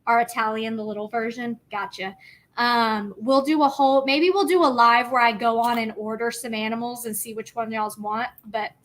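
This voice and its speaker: A young woman talks through her craft livestream in a chatty, bubbly ramble full of fillers. Her voice sits a little high. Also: steady tone, moderate pace, a bit bright. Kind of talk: casual livestream chat.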